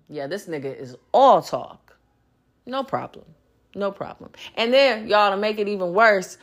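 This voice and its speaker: A woman's voice: medium pitch, fairly bright tone. Blunt, profane woman venting on a podcast. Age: adult. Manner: blunt, profane, emphatic storytelling. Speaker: podcast host. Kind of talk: candid solo podcast venting.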